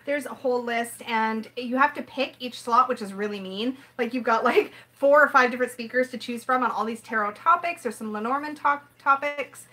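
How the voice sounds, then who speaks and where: A woman's voice: on the high side, fairly quick, hardly any pauses, sharp tone. A woman hosting a casual tarot livestream, chatting playfully and often interrupting herself. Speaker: tarot channel host.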